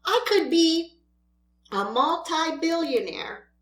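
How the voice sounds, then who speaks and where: A woman's voice: very high voice, expressive, takes it slowly, roomy sound. A woman mukbang vlogger ranting in an exasperated, scolding way at other creators while she eats. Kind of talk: ranting vlog while eating.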